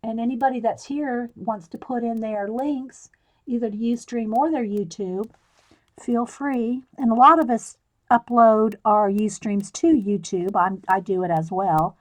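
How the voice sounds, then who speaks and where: A woman's voice: a little high, measured pace. A woman in her sixties hosting a live stream, chatting and laughing casually while she colors and reads the live chat aloud.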